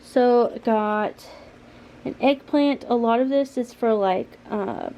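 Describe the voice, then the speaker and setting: Slow, chatty woman vlogging. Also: a little high. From North Carolina, US. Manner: relaxed and chatty, with frequent ums and light laughs. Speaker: homemaking vlogger. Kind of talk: casual chat to viewers. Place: inside her home.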